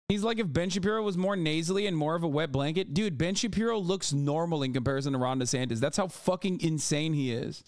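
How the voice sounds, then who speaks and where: A man's voice: fairly high pitch, quick pace, hardly any pauses, dry recording, clean studio sound. A man streaming live, reacting to clips with mocking, exasperated, profane commentary.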